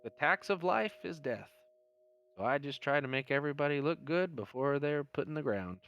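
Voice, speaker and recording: A man's voice: a little high, animated, normal speed, fairly bright tone, dull audio, voice pushed up. A man voicing a frail, grieving male coroner in his fifties who talks in a wistful, folksy way and trails off. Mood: somber. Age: 50s. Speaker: coroner character.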